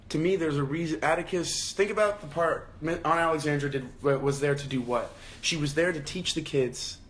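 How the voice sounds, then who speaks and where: A young man hosting a casual livestream book club from his phone. He thinks out loud with many restarts and fillers, and raises his voice when he quotes lines. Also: medium pitch.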